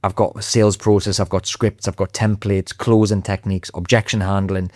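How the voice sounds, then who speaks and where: A man with a low voice talks through a podcast interview in a confident, emphatic way. The sound is dry and close, with no room around it. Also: little pitch movement, brisk, darkish tone, no room sound. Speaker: podcast guest, sales trainer.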